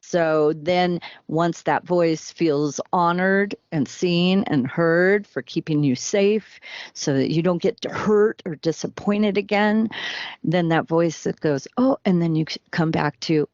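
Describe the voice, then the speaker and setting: Woman coach, unhurried and earnest, slightly low voice; dry, muffled recording. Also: a little mellow, dry recording. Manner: slow, earnest, coaching delivery. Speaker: soulmate coach. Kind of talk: podcast interview. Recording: dry, dull lo-fi sound.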